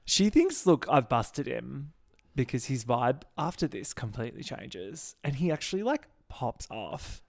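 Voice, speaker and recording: A young man hosting a podcast, chatting casually and gossiping about a reality show, acting out quotes in quick bursts. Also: medium pitch, big pitch swings, creaky, darkish tone. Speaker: podcast host.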